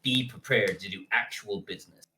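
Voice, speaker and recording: A man voicing a cold, domineering millionaire who speaks in a low, smug tone. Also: moderate pace, bright, forceful tone, a little hiss or hum, poor audio. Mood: commanding.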